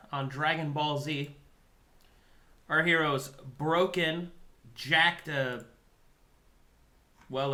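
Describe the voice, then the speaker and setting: A man's voice: on the high side, sharp tone. A man running a tabletop game as game master, recapping events in a wry, teasing way.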